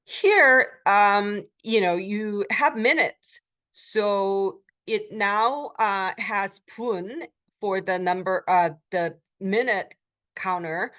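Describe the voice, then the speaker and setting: A woman lecturing as a Korean language instructor, explaining step by step with frequent ums and uhs and repeating phrases slowly for learners. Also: medium pitch, fairly bright tone. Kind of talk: recorded college lecture.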